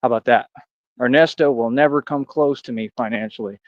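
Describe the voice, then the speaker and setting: A man's voice: medium pitch, brisk, no room sound, muffled recording. A man in a rambling livestream rant, boastful and combative, talking straight at his critics. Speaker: streamer.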